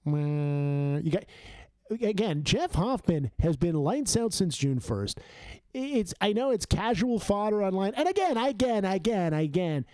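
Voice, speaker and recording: A young man hosts a casual live stream, tearing into topics in foul-mouthed, rambling rants. His pitch swoops lively up and down, set a little high, and his tone is mellow and warm. The sound is close and dry. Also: measured pace, dry recording. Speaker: livestream host. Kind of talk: casual live game watch-along commentary.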